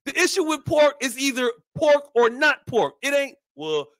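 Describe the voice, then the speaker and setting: High-voiced, animated podcast co-host man. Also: normal speed, no echo. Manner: animated, profane, mocking put-on voices. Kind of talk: casual podcast chat.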